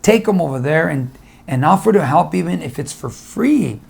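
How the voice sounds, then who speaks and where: A man's voice: fairly high pitch, lively intonation, moderate pace, creaky, a little mellow, breathy edge. A middle-aged man giving a motivational talk, telling stories, acting out conversations and repeating his advice for emphasis. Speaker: motivational speaker.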